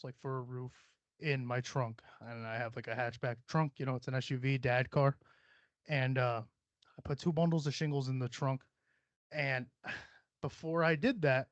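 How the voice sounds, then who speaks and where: A man's voice: on the high side, no echo. A man hosting a podcast in casual chat, talking about himself with lots of profanity and self-mockery. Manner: profane, self-deprecating, rambling. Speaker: podcast host. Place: room at home. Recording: dull, dry sound.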